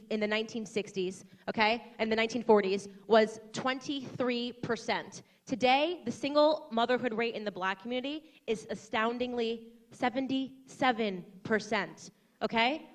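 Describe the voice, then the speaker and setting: A woman's voice: fairly high pitch, normal speed. An American woman in her thirties giving a combative, rousing political speech to a crowd. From United States. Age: 30s. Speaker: political commentator speaking to a crowd.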